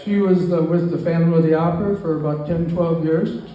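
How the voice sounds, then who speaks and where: At his own birthday party, a man in his nineties gives a rambling, joking, self-deprecating speech and teases the guests. His voice is a little high and brisk with fairly even intonation, and the highs sound cut off. It was picked up by a far-off mic in an echoey room with faint ambient noise.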